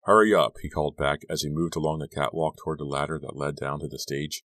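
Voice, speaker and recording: A man with an exceptionally deep voice reads a horror audiobook in a measured, suspenseful manner. The sound is dry and close, with no room in it. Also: little pitch movement, no room sound. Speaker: audiobook narrator. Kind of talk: dramatic audiobook reading.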